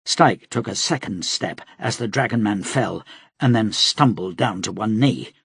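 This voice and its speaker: A man reading an audiobook aloud in a steady, dramatic manner as its narrator. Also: on the low side, measured pace, creaky, breathy edge, no room sound, clean studio sound. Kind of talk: scripted narration.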